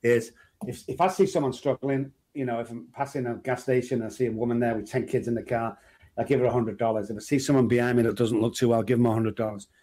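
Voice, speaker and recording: Man, middle-aged, Manchester accent, animated storyteller, interview guest. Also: medium pitch, fast. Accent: Manchester English. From England. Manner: animated storyteller, acts out quoted voices. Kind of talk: casual interview chat.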